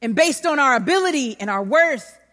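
Woman preacher, high and lively voice, emphatic storytelling, long hall echo. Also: normal speed. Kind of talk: sermon with personal storytelling.

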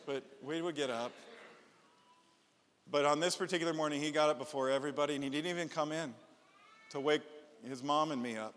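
A man's voice: on the high side, brisk, pauses often, slight background noise. A middle-aged man preaching a sermon as pastor, telling stories with playful asides. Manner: animated storytelling with playful asides. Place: church sanctuary. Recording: long church reverb.

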